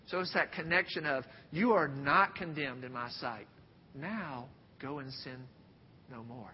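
A man preaching a sermon and telling stories, swinging from loud bursts to hushed near-whispers. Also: normal speed. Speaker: pastor. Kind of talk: sermon with storytelling. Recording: dull sound with long hall reverb, faint rumble.

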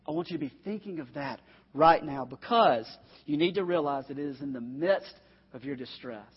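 Speaking at a moderate pace with a breathy edge, this man's voice leans high as he delivers a sermon. He is the pastor, talking earnestly and straight to the people in the sanctuary, and the audio is muffled and echoing in a long-reverb space.

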